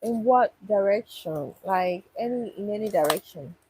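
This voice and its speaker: A woman's voice: medium pitch, lively intonation, normal speed, darkish tone, slight background noise, low-quality recording. A young woman chatting casually with viewers on a livestream, thinking aloud and restarting her sentences. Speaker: livestream host answering viewers. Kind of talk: casual live chat.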